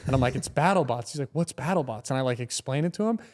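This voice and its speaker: A young male comedian tells stories on a podcast in a loose, casual way. He is animated and swears freely, and he slips into the voices of the people in his stories. His voice sits at a middle pitch. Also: fast talker. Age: young adult. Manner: animated, swearing, acts out quotes. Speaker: guest comedian.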